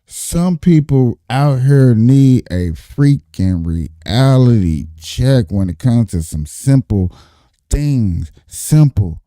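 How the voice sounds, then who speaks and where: Slangy, animated man with a dark tone. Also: medium pitch, slow, no echo, clean studio sound. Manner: animated, slangy, profane, repeats himself. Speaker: host. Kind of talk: reaction commentary.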